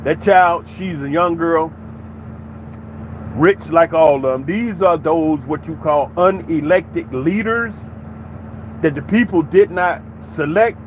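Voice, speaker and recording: A man's voice: fairly high pitch, slow pace, dull audio, a little hiss or hum. A man giving an opinionated commentary monologue in an emphatic, preachy way, with many rhetorical questions. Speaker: commentary channel host.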